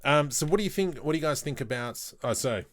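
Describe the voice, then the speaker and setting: A man's voice: on the high side, animated, quick pace. A man in his thirties, casually rambling to viewers while working through a 3D modeling livestream. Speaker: 3D artist streaming.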